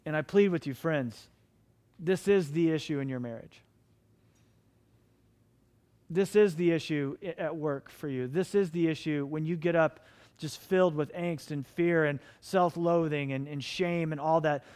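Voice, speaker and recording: A man's voice: a little high, measured pace, a little mellow. A middle-aged man preaching a sermon as pastor, impassioned and pleading with his listeners.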